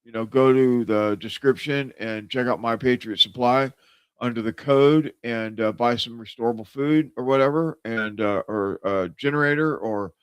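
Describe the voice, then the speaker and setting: Male stream host, smooth voice in a dry room, rambling and casual. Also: mid-range voice, normal speed, no echo. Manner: rambling, many fillers and self-corrections. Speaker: host of a live show. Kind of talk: casual live-stream chat.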